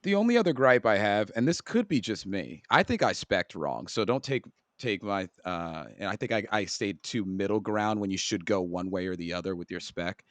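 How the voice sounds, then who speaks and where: A man co-hosts a casual gaming podcast in a low voice. He rambles and restarts his sentences, tripping over words as he goes. The sound is dry and close. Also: expressive, moderate pace, dry recording. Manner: rambling, self-correcting, stumbles over words. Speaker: podcast co-host. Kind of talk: casual chat.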